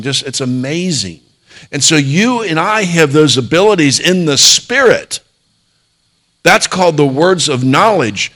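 A man's voice: fairly high pitch, a bit bright. Earnest man preaching a personal story. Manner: earnest, storytelling with many restarts. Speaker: pastor.

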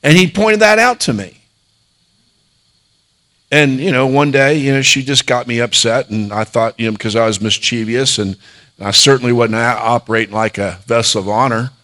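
Middle-aged male pastor, mid-pitched, earnest storytelling sermon, halting restarts. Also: sharp tone.

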